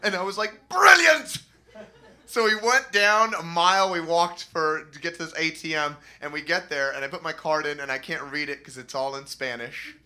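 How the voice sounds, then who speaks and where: A young man doing stand-up storytelling, animated and jumping into high squeaky voices for the people he quotes. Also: brisk, hardly any pauses. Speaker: stand-up comedian.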